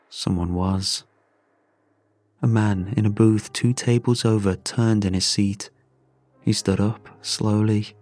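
Low, somber male horror narrator. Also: a little mellow, no room sound. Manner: measured and somber. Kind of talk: scripted first-person horror narration.

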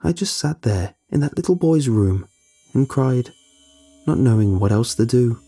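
A man narrating a first-person horror story in a tense, measured way with dramatic pauses. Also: mid-range voice, expressive, mellow, breathy edge.

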